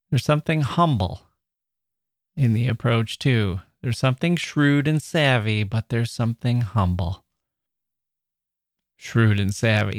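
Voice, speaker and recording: A man's voice: mid-range voice, normal speed, dry recording, clean studio sound. A man hosting a literature podcast, talking in a chatty, playful way and quoting people with a lifted voice. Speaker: podcast host. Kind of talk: casual monologue.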